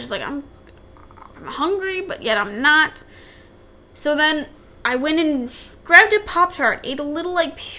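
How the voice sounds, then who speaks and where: A young woman with a high, light voice tells a long, rambling story on a casual podcast. She circles back on her own words and acts out what everyone said. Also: pushed and bright. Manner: rambling, repeats herself, acts out quotes. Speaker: podcast co-host.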